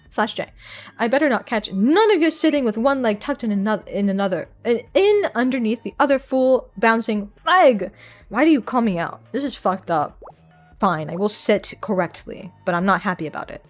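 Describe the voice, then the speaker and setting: A young woman VTuber chatting live with her viewers, excitable, swearing and laughing often, into a desk mic at home. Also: mid-range voice. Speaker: VTuber streamer. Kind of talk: casual live-stream chat. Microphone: desk microphone.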